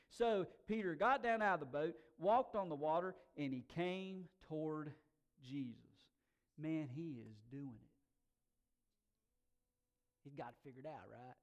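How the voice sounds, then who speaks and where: A male pastor preaching a sermon in a conversational way, swinging from quiet asides to loud, emphatic bursts. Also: a little high, measured pace. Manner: conversational, folksy fillers.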